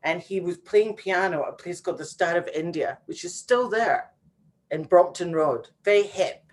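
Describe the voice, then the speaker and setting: A woman from Scotland, a singer being interviewed over a video call, telling stories with lively acted-out quotes. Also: lowish voice, moderate pace. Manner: lively storyteller, acts out quotes. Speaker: guest singer. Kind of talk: casual interview chat.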